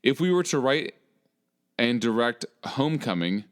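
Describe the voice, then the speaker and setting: A man's voice: mid-range voice, lively intonation, moderate pace, clean tone. A young man co-hosting a podcast in casual chat, profane and sarcastic, rambling with lots of fillers. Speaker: podcast co-host.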